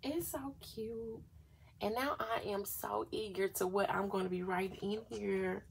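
A woman's voice: mid-range voice, flat delivery, normal speed, creaky, a little hiss or hum. A woman vlogger chatting casually through a planner flip-through, gushing and often saying y'all.

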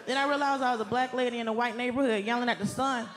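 A high-pitched woman doing stand-up comedy into a handheld stage mic, animated and exasperated, punching her lines up to a shout. A loud crowd laughs and applauds around her in a club. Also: very fast, noisy background. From Southern US, Atlanta. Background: audience laughter and ambience.

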